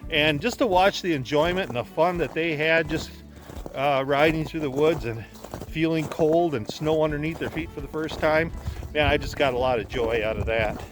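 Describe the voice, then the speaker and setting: A man's voice: on the high side, normal speed, over music. A man from Wisconsin, a former sled dog guide, telling stories in a casual, rambling way with many restarts. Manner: rambling, repeats words as he restarts. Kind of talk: casual storytelling.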